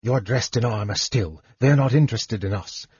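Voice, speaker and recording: A man voicing a bitter, sharp-tongued frail male mage who gives hushed, clipped commands. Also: mid-range voice, normal speed, slightly rough, no echo. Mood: cold, hushed. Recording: dull lo-fi recording.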